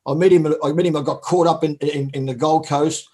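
A man's voice: fairly high pitch, fairly even intonation, brisk, dark tone, breathy edge. An Australian man telling stories as an interview guest, blunt and crude, laughing often. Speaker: guest, former footballer. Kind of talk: casual storytelling.

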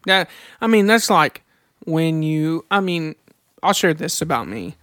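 A high-pitched man talks earnestly on a faith podcast, sharing candid stories and slowing down to read scripture aloud. The sound is close and dry, with no room around it. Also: lively intonation, fairly bright tone, no room sound. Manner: earnest, reads scripture slowly, confessional storytelling. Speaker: podcast co-host.

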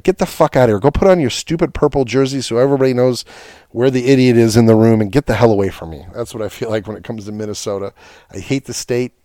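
A man's voice: mid-range voice, mellow, dry recording. A man hosting a podcast, ranting in a casual, profane and sarcastic way about his football team. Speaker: podcast host. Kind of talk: casual sports rant.

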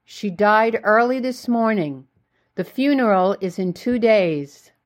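A woman's voice: mid-range voice, animated, slow pace. A woman voicing an adult sister who insistently presses grim family news, with a scolding tone. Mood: exasperated. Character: exasperated adult sister delivering bad news.

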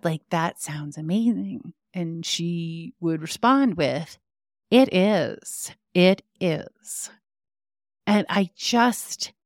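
A woman's voice: mid-range voice, no room sound, clean studio sound. A young woman hosting a podcast, telling a personal story in a casual, chatty way, with many fillers and restarts. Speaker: podcast host.

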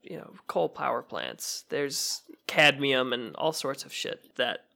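A man from Michigan co-hosts a relaxed podcast conversation. He hesitates often, circling back with fillers and restarts as he explains things. His pitch sits in an ordinary middle range. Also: takes it slowly, vocal fry. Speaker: podcast co-host. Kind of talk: casual chat.

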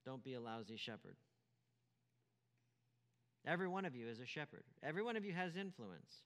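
A man's voice: medium pitch, very animated, a little fast, a bit bright, long reverb tail. A man preaching a sermon as pastor, emphatic, repeating key phrases and asking rhetorical questions.

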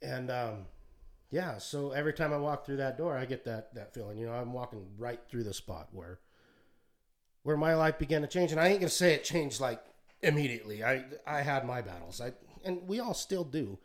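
A man in his thirties with a drawl speaks in an average-pitched voice, telling his faith story in a halting, folksy way. He restarts his sentences often and gets choked up, then rises into a pleading, sermon-like appeal. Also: lively intonation. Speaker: podcast co-host sharing testimony. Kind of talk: emotional personal testimony, sermon-like. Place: alone at home.

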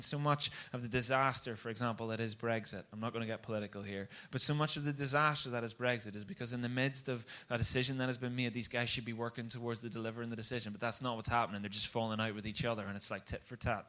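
A man preaching a sermon, telling a story in an animated, conversational way. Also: mid-range voice.

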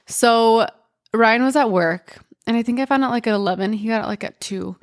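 A woman hosting her own podcast, telling a personal story casually with lots of "like" and "um". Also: a little high. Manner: chatty, full of "like" and "um" fillers, quick bursts and slow pauses. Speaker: podcast host.

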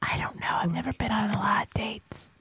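A woman's voice: mid-range voice, a little fast, fairly bright tone, husky. A woman co-hosting a casual podcast, often half-whispering and giggling as she tells gross work stories. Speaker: podcast co-host. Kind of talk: casual chat, partly whispered.

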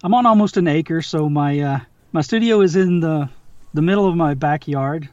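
A man's voice: a little high, moderate pace, dry recording, lo-fi sound. A man who narrates audiobooks, chatting casually in an interview from his home studio. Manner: relaxed, chatty, restarts often.

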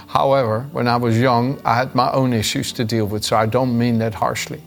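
A man's voice: medium pitch, little pitch movement, normal speed, vocal fry, soft background music. A man preaching a devotional sermon, reading scripture and telling stories in an earnest way with frequent chuckles. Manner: earnest storytelling, chuckles often.

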